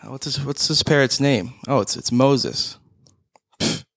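A man's voice: medium pitch, a little slow, gravelly, fairly bright tone, no room sound, studio quality. A young man in casual podcast chat, telling a joke and acting out the characters' lines. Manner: acts out dialogue, stumbles over the punchline.

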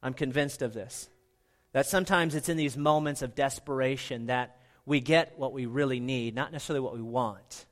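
Speaking at a moderate pace in a mid-range voice, this middle-aged pastor gives an earnest sermon. He often lowers to a hushed, soft tone for emphasis.

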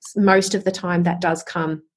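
A woman's voice: fairly low pitch, flat delivery, moderate pace, husky. A middle-aged woman hosting a podcast, talking in an earnest, flowing, motivational way about dance training. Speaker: podcast host and dance coach. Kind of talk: casual interview chat.

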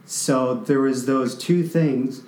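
A man from Canada recounts a deeply personal story, his voice halting and full of restarts as emotion comes through. His pitch sits in the middle range. The recording has a noticeably echoey room sound. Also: steady tone, a little mellow.

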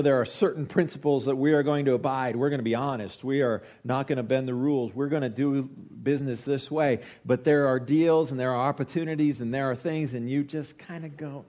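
A pastor in his forties delivers a sermon in a relaxed, conversational way. His voice sits at an ordinary middle pitch. He leans into key points with sudden loudness, then drops to soft, low asides. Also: a little fast, hardly any pauses. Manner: conversational, swings between loud emphasis and quiet asides.

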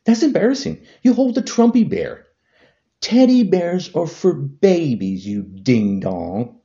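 A male vlogger delivers an angry political rant to camera, slowly, in a dark tone, his voice swooping wildly high and low. He hurls repetitive insults in a heated manner, and the audio's high frequencies are cut off.

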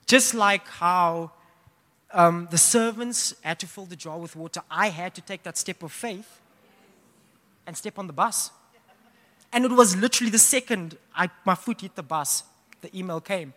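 A young man preaching a sermon, telling a personal story in a casual, animated way with laughs. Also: high voice, unhurried, long pauses. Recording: long hall reverb.

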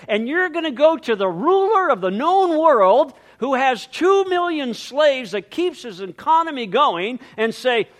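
Man playing a brash, booming recruiter calling for volunteers. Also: a bit bright, full character voice.

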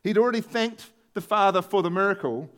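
A man's voice: sits high, fairly quick, a bit bright. A male preacher giving a sermon, retelling a story in a conversational way and stressing key words.

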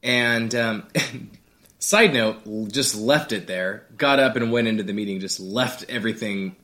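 A man co-hosting a podcast, chatting casually and telling an animated story while acting out the people in it. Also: fairly low pitch, unhurried. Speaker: podcast co-host. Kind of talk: casual chat.

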